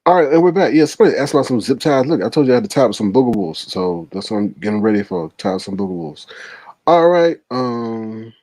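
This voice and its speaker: A man hosting a live stream in casual chat, animated, often laughing and exclaiming. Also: mid-range voice, fast, dry recording.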